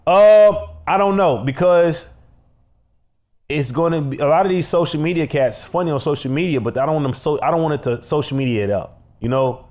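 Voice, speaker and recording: A man's voice: on the high side, a little fast, darkish tone. A man with a Chicago accent co-hosting a casual comedy podcast, joking and laughing through playful banter. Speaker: podcast co-host.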